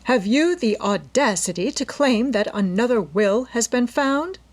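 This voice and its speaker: A woman's voice: on the high side, lively intonation, unhurried, voice pushed up. Woman doing a haughty, imperious society matron. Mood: demanding. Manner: imperious and indignant. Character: haughty, domineering middle-aged society woman.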